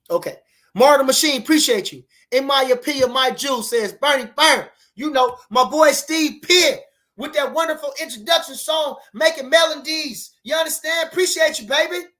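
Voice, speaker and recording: Animated man hosting a casual boxing stream. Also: very high voice. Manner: animated, slangy, repeats phrases, laughs often. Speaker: boxing channel host. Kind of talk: casual livestream chat reading viewer comments.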